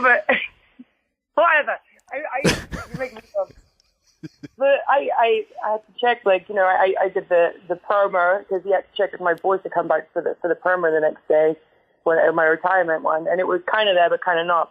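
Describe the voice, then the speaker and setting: An English woman, a retired wrestler, telling stories in a casual interview, chatty, full of "like" fillers and quick laughs. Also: on the low side, steady tone, no echo. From England. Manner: chatty storyteller with constant "like" fillers and frequent laughs. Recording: tinny phone-like line, dry.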